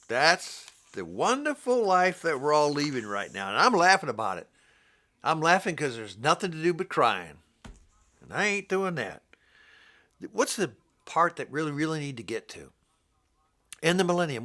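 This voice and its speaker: A man's voice: fairly high pitch, bright, forceful tone. An older man giving an informal, rambling Bible teaching in a blunt, scolding way. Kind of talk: informal preaching monologue.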